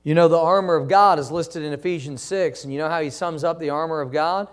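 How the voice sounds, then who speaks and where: Guy with a high voice preaching, reads verses, asks the church to fill in words, gets soft and slow on the big lines. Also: clear, resonant tone. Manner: preaching with call-and-response questions to the congregation; reads scripture aloud, drops to soft, slow phrases for emphasis. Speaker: pastor. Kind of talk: sermon.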